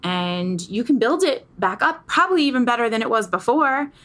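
Earnest, animated woman guest. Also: fairly high pitch, moderate pace. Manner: earnest, animated, uses vivid analogies. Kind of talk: candid interview conversation.

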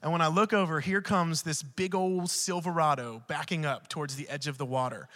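A man preaches with a high, ringing voice. He moves from fervent, shouted declarations to relaxed storytelling and acts out the voices in his tale. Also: fairly quick, in a large hall. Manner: shifts between loud preaching and quiet storytelling; acts out dialogue in his stories. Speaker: pastor. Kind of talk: sermon with storytelling.

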